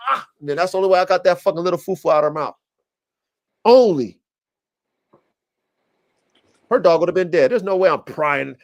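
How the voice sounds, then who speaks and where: A man hosting a casual livestream podcast, telling rambling, profane stories with lots of energy. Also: high-pitched. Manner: profane, rambling, animated storytelling. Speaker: podcast host.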